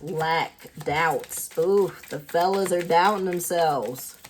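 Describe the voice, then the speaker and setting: A woman's voice: fairly low pitch, takes it slowly, a little hiss or hum. A woman doing a casual tarot reading for her channel, chatty and thinking aloud with lots of fillers. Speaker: tarot reader.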